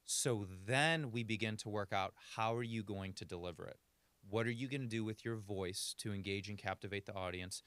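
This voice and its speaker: Male communication coach, lowish voice, dry close mic, illustrative podcast advice. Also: a little fast, a bit bright, clean tone, no echo. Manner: coaching, illustrative, varies speed for demonstration.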